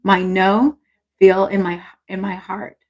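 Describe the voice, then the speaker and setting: Husky woman coaching a live stream. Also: medium pitch, flat delivery, takes it slowly, a little mellow, rough recording. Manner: chatty, encouraging, reads viewer comments aloud. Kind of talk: casual live-stream teaching.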